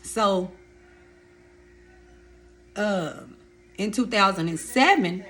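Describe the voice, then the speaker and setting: Woman in her thirties, storytelling vlog, animated and direct with her viewers. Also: medium pitch, extremely slow, slight background noise. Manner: animated, addresses viewers as y'all and baby. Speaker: vlogger telling her life story.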